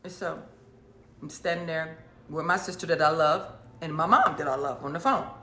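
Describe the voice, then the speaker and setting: A woman preacher telling a personal story in an emphatic, animated way, repeating phrases for effect. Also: deep voice, moderate pace, roomy sound. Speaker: prophetess and preacher. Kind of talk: casual storytelling monologue.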